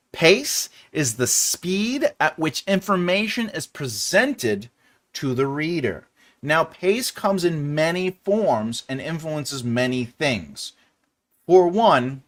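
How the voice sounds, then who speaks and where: A man's voice: a little high, a bit bright. A man with a New York accent hosting a live-stream writing lesson, chatting with viewers and laughing often.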